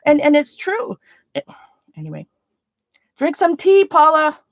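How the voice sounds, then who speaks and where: A woman's voice: high voice, big pitch swings, measured pace, dry recording. A woman hosting a casual livestream from home, talking in an earnest, rambling, chatty way. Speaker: art channel host. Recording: dull lo-fi sound.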